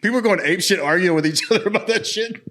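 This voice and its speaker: A man's voice: high-pitched, racing, pushed and bright. A man hosts a podcast in a loose, joking way, with frequent swearing. His banter is easygoing and casual. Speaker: podcast host.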